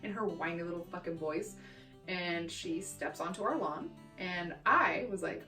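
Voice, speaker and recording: A young woman from Texas telling childhood stories in a brash, profane, animated way for her vlog. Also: lowish voice, normal speed. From Texas, USA. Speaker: vlogger. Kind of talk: storytime vlog. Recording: roomy echo, distant mic, faint guitar music.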